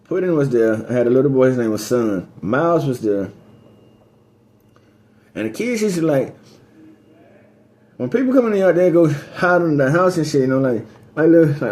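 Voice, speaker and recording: Guy rambling thru a long cussing story, dark mellow voice, jumps around topic to topic. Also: a little fast, pauses often. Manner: profane, loose storytelling that drifts between topics; rising pitch on excited story beats. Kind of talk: rambling casual monologue.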